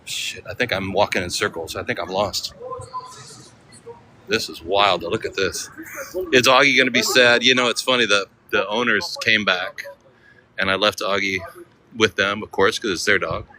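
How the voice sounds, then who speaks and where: A man's voice: lowish voice, fairly even intonation, normal speed, long pauses, bright, forceful tone. An American man chatting casually to his viewers as he walks city streets, rambling from one thought to the next. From United States. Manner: chatty, rambling, talks to viewers while walking. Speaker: travel vlogger. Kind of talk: casual walking vlog.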